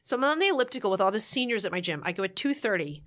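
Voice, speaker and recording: A woman chatting casually on a podcast, telling a lively story with quick asides and acting out quoted lines. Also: mid-range voice. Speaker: guest telling a marriage story.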